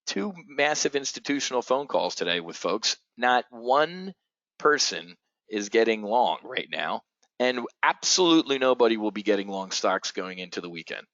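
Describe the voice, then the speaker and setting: Excitable man hosting a trading webinar. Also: medium pitch, dry recording, lo-fi sound. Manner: excitable, swears, addresses audience as folks.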